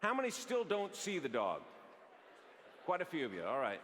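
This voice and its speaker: Animated man speaking in a reverberant hall. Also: fairly high pitch, moderate pace, a little hiss or hum. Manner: animated, acts out quoted lines. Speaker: psychologist giving a conference talk. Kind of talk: storytelling keynote talk. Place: large conference hall. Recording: long hall reverb from a big venue.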